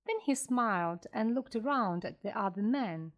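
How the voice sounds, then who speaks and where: A woman reading a classic story aloud slowly and clearly for English learners. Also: medium pitch. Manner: slow, clear, expressive reading. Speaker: audiobook reader for learners.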